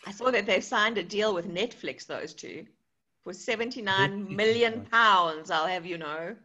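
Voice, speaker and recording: A woman's voice: medium pitch, measured pace. A woman hosting a casual interview, asking playful, joking questions. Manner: lively, playful, jokey questions. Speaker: podcast host. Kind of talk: casual chat. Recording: slightly dull lo-fi sound.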